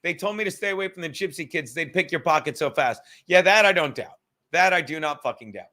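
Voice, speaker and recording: A man's voice: on the high side, animated, fairly quick, pushed and bright. A man hosting a podcast, rambling casually from his apartment, swearing and joking. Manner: profane, joking, reads aloud from a book. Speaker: podcast host.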